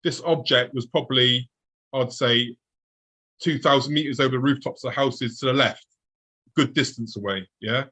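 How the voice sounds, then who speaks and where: Guest: husky-voiced man, middle pitch, telling a story vividly. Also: normal speed, bright, forceful tone, poor audio. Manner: vivid storytelling, acting out his own past thoughts. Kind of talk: recounting a personal encounter.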